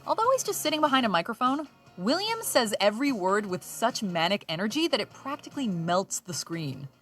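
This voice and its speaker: A woman reading scripted narration for a countdown list, upbeat and expressive. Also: medium pitch, a little fast, faint music behind.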